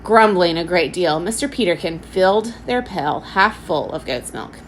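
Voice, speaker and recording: A woman teacher reading a children's storybook aloud with expressive narration. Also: on the low side, moderate pace, slight background noise, rough recording.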